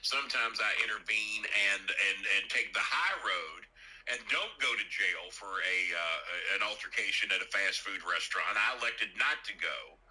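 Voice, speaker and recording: A man's voice: lowish voice, normal speed, bright, forceful tone, breathy edge, rough recording. A man telling a story as an indignant, profane comic rant, cursing and repeating himself.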